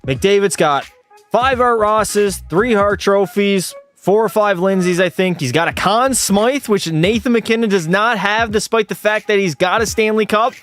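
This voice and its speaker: A young man with a fairly high voice streams from home, tipsy from beer and swearing freely. He argues hockey with his chat in a casual, combative way. Faint music plays behind him. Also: moderate pace, a bit bright. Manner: profane, argumentative, talks back to chat. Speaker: game streamer.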